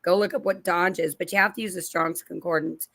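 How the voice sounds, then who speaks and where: Animated middle-aged woman talking to her channel. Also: on the low side, fast, dry recording. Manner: animated storyteller, acting out quoted voices; rambling, with restarts and asides to viewers. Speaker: channel host. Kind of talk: casual religious commentary to camera.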